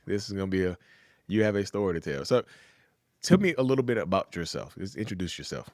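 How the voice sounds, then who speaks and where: Deep-voiced male podcast host. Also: animated, fast talker, no echo, studio quality. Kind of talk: casual interview.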